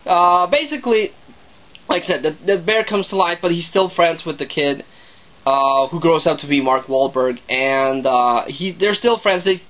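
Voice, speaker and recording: Casual male reviewer with a slightly high voice, chatty and rambling, on a muffled lo-fi recording. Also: normal speed. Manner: rambling, conversational, repeats himself. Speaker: movie reviewer.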